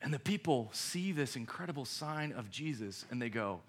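Animated, casual young male preacher. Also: mid-range voice, a little hiss or hum. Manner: conversational, jokey, with quick voiced asides. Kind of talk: sermon to a youth group.

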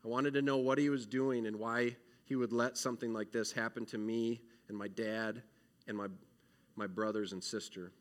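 A man giving an earnest, emotional children's sermon, acting out prayers and shifting between loud pleading and quiet reflection. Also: mid-range voice, steady tone, moderate pace. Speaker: children's minister.

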